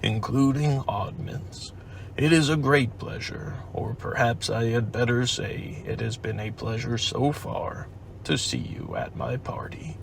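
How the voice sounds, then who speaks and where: A man voicing a gloomy, self-pitying old male donkey in a storybook reading, speaking slowly and dolefully. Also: medium pitch, animated, creaky, a little hiss or hum. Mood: pompous. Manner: slow, doleful, pompous speechmaking.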